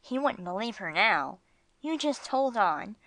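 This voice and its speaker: Woman reading gruff streetwise male bulldog, slangy, blunt, audiobook. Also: medium pitch, very animated, a little slow, a bit bright, no room sound, low-quality recording. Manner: slangy tough-guy talk.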